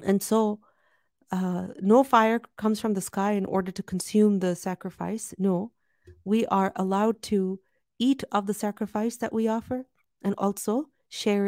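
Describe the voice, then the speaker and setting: A woman gives a religious lesson, asking herself questions and answering them as she goes. She recites Arabic verses quickly, and her voice sits close and dry, with no room sound. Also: mid-range voice, a little mellow, no echo. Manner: explains step by step, asks and answers own questions. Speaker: Islamic teacher.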